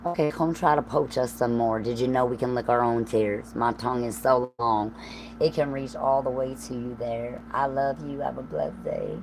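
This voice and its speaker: Deep-voiced profane woman rambling on a livestream. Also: expressive, moderate pace, a little mellow, a little hiss or hum, poor audio. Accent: Southern US. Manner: profane, stream-of-consciousness, laughing asides. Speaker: livestream host.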